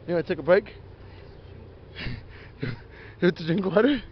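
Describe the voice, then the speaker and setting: A man's voice: high voice, animated, slow, long pauses, breathy edge, muffled recording. A young man filming a hike outdoors, teasing his partner playfully, laughing often and swearing freely, a little winded from the climb. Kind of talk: casual teasing chat. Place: outdoor hiking trail by a river.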